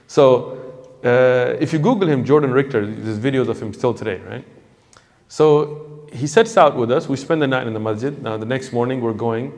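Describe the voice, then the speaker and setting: A man, an Islamic preacher, telling a story in an animated way and acting out the people in it. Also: mid-range voice, moderate pace. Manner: animated, acts out the voices of the people in his story. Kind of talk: storytelling talk. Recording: long hall reverb.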